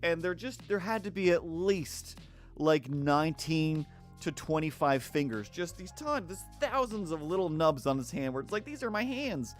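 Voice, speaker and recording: A man's voice: on the high side, lively intonation, moderate pace, soft background music. A man who is a cartoonist, chatting casually on a live stream while he draws. He rambles, uses many fillers, and laughs at his own jokes.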